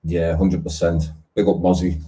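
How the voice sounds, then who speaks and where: A man hosts a casual podcast interview. His voice is low and mellow, and his manner is friendly and matey, with lots of banter. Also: little pitch movement, normal speed. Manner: friendly banter, calls people mate, laughs often. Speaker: podcast host.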